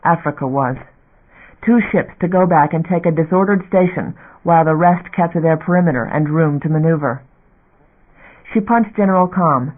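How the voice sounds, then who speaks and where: A man's voice: on the high side, moderate pace. Male audiobook narrator, tinny narrow sound.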